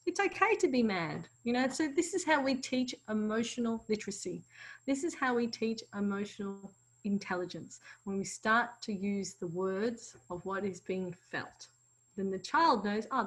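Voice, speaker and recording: A woman's voice: mid-range voice, poor audio. A woman co-teaching a parenting course, sharing stories from home and laughing between points.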